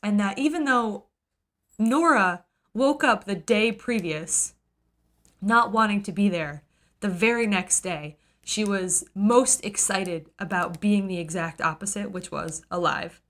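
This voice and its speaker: Woman co-host, bright forceful voice, animated casual storyteller. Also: mid-range voice, measured pace. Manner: animated retelling, acts out characters, gets emotional. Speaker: podcast co-host. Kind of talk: casual book discussion.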